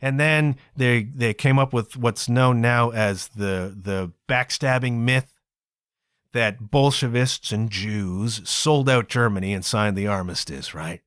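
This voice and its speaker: A man's voice: medium pitch, takes it slowly, a bit bright, clean tone, no echo, clean studio sound. A man from Canada hosting his own podcast, talking in a chatty, digressive way and tagging his points with asides like "okay?" and "kids". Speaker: podcast host. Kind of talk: casual solo podcast monologue.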